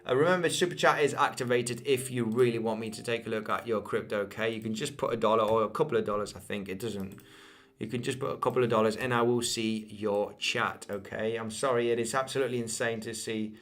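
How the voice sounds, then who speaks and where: His voice is medium-pitched, steady, quick and fairly bright as he hosts a live crypto chart stream and responds to chat. The young man is from Spain but has an English accent learned from his mother, an Isle of Man native. Expect repetition, lots of fillers and restarts, and viewers addressed as "guys."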